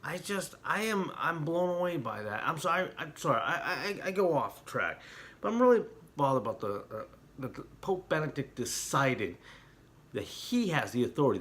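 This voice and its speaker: A middle-aged man talking as an internet preacher, heated and emotional in places, quiet and somber in others. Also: a little high, big pitch swings, normal speed. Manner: heated, talks with rising emotion and repeated apologies; quiet and somber when reflecting. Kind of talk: impassioned religious commentary.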